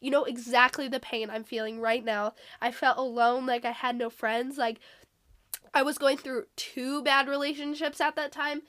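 High-voiced earnest teenage girl host. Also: steady tone, moderate pace, fairly bright tone, no room sound, clean studio sound. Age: teens. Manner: earnest, storytelling, reads scripture aloud. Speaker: podcast host. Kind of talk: casual faith chat.

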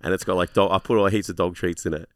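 A man's voice: low voice, steady tone, clean tone, no echo, studio quality. A young man telling a story in casual chat, swearing and laughing along as he goes. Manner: fast, swearing, laughs while telling stories.

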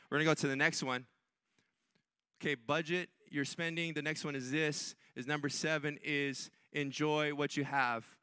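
A man's voice: fairly high pitch, little pitch movement, moderate pace, sharp tone, smooth, dry recording, studio quality. A man preaching a sermon in a church, in a repetitive call-and-response way that rises to impassioned peaks. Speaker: pastor.

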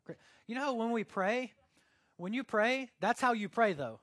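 A man's voice: very high-pitched, animated, measured pace, a bit bright, no room sound. A young man preaching a casual, joking sermon, acting out little scenes as he goes. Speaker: pastor.

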